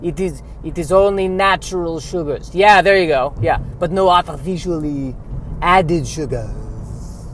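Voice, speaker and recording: A man voicing a bumbling male trader with a put-on French Canadian accent, pausing often to hunt for English words, recorded in a car. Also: fairly high pitch, fairly bright tone, faint music behind. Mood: sly. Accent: fake French Canadian. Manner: halting, searching for words.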